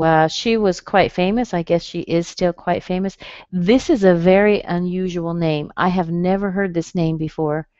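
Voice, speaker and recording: A woman leads a pronunciation webinar, breaking each word into its syllables and slowing down on the examples. Her voice sits a little low for a woman. The recording is dry and slightly muffled, like a computer mic. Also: darkish tone, dry recording. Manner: explains patiently, sounds out syllables. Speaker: pronunciation teacher. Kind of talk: webinar lesson.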